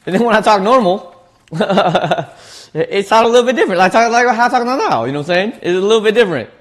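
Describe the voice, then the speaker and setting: A relaxed male streamer chatting while he snacks, his voice sitting a little on the high side. He talks in easygoing slang and often doubles up his words as he goes. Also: quick pace. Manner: laid-back, slangy, repeats words. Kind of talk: casual chat while eating.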